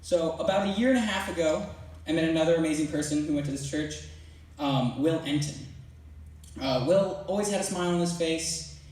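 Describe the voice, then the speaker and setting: A teenage boy gives a loose, filler-filled talk to his church youth group, retelling stories in a relaxed, chatty way. His voice sits a little high. It echoes strongly through a big hall, picked up from some distance away. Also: fairly quick. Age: teens. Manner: casual, rambling, filler-heavy. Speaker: student speaker at church youth service. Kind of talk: youth talk with playful retold dialogue.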